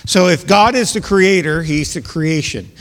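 Male pastor, earnest sermon delivery, slightly raised pitch, long hall reverb. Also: measured pace, creaky. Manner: earnest, explanatory preaching with rhetorical questions. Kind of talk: sermon with scripture reading.

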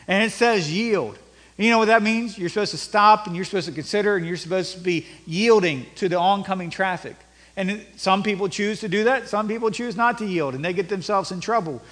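A male pastor preaching a sermon, rising to loud emphatic peaks and dropping to low, quiet passages. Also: brisk, long reverb tail.

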